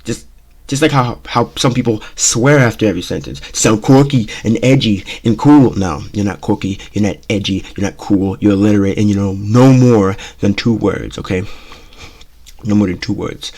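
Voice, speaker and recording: A man with a slightly low voice hosts his own casual talk show and speaks his opinions bluntly. He circles back, repeats phrases and checks in with "okay?" and "you know?" as he goes. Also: normal speed, a little mellow, slightly rough. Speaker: show host.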